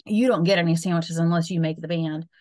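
A woman's voice: lowish voice, steady tone, brisk, darkish tone, dry recording, clean studio sound, natural voice. A woman voicing Louie, a bossy, boastful schoolboy.

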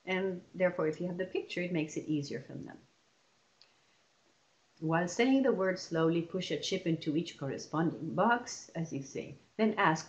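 A woman leading a lesson for teachers, explaining patiently and stretching example words out slowly. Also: lowish voice, animated. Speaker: teacher trainer.

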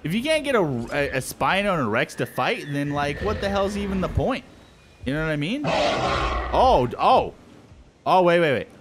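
A young man giving excited let's-play commentary, swearing and exclaiming often. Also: a little high, moderate pace, noisy background. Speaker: gameplay commentator.

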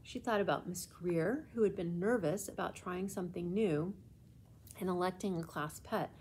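Librarian narrator: a woman reading a children's chapter book aloud, gentle and clear. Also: fairly low pitch, normal speed, slight background noise.

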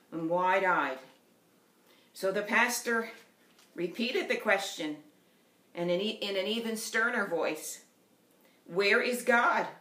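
Woman lay preacher, Newfoundland accent, steady earnest sermon, echoey church sound. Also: medium pitch. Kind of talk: sermon with storytelling. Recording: roomy church echo.

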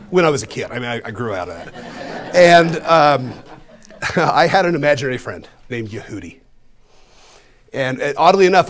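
A man in his forties from Colorado performs a comic story before a live studio audience. His voice sits at a middle pitch, and his delivery is animated and self-deprecating, jumping from loud bursts to hushed asides. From Colorado, USA. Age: 40s. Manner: animated, self-deprecating, with sudden swings in loudness. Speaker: storyteller and magician.

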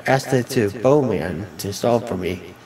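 A man reading video game dialogue aloud as a let's player, with a halting delivery and frequent restarts. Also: fairly low pitch, lively intonation, darkish tone, a little hiss or hum, poor audio.

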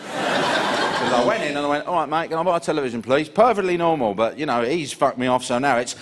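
A man's voice: a little high, brisk. A middle-aged man doing a sardonic stand-up comedy routine. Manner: sardonic, animated storytelling. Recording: live show with loud background noise.

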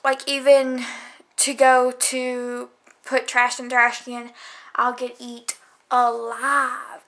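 A woman's voice: sits high, a bit bright. A young woman, rambling and complaining at home in a casual vlog chat. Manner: rambling, complaining, lots of fillers. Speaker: vlogger. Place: at home indoors at night.

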